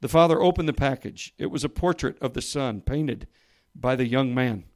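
A man preaching to a room of listeners, reading a story aloud and raising his voice for the quoted lines, then dropping low and soft for emphasis. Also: normal speed. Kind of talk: sermon with a read-aloud story. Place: church or meeting room with listeners.

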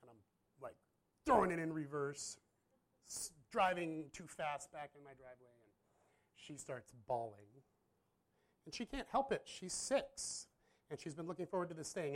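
A man in his thirties, a pastor, telling a personal story in a candid, self-deprecating, rambling way with frequent laughs. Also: on the high side. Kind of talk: casual storytelling.

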